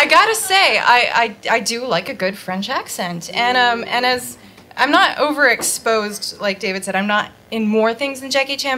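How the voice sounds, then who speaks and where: Her voice on the high side, pushed and bright, an American stand-up comedian from Detroit rambles casually through a set on a handheld mic. She laughs at her own jokes in a bar, where live audience noise and laughter can be heard.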